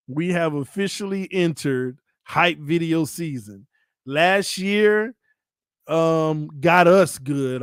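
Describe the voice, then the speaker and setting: A man hosting a sports fan channel, talking in a casual, animated, teasing way and breaking into loud excited hollering. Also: a little high, no room sound, clean studio sound. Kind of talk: casual fan commentary vlog.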